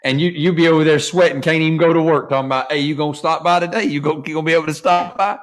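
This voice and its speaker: A man's voice: a little high, fairly even intonation, racing. A man hosting a casual chat, telling loose, profane stories and acting out phone calls. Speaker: host.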